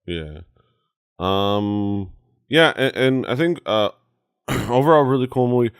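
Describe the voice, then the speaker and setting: A man co-hosting a casual podcast chat, halting with many restarts. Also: animated, clear, resonant tone, no echo, studio quality. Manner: halting, many restarts, jumps into high mimicry. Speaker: podcast co-host.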